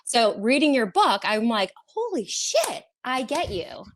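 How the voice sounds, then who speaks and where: A woman's voice: a little high, animated, a little slow, slight background noise. A woman who works as a reality TV producer tells a story on a podcast with drama and plenty of swearing, acting out her own panic. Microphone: podcast studio mic.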